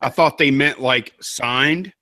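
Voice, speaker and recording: A man's voice: mid-range voice, slow pace, pushed and bright. A man, a guest in a casual livestream chat, folksy and joking. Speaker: guest reseller.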